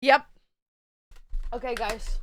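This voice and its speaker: A woman's voice: a little high, fairly even intonation, a little hiss or hum. A woman streaming a casual chat from home, cooing sing-song baby talk at her cats and swearing casually between jokes. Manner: swears casually, drawn-out joking phrases.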